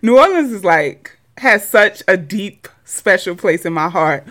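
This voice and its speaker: A woman's voice: medium pitch, lively intonation, measured pace, fairly bright tone. A woman co-hosting a podcast in casual, playful chat, laughing often. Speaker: podcast co-host.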